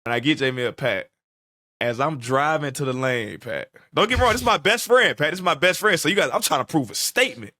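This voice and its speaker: A man in his twenties co-hosts a podcast, telling a story in casual chat with a slightly high voice at a fairly quick pace. Animated and laughing often, he acts out what people said, in clean studio quality with no room sound.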